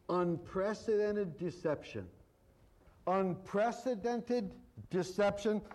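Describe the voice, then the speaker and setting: A man's voice: fairly high pitch, poor audio. A male pastor preaching a sermon, reading scripture aloud and repeating his points with emphasis.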